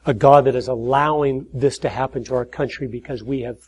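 A middle-aged man giving an earnest preaching talk, telling stories and building to emphatic points before dropping his voice low. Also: fairly even intonation, brisk, breathy edge, poor audio. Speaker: speaker at church and conservative conferences.

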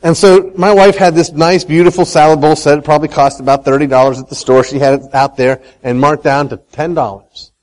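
A man giving a lively talk to an audience on faith and money, asking them questions and telling a folksy story. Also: fairly high pitch, brisk, hardly any pauses, rough recording. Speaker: speaker on Christian economics.

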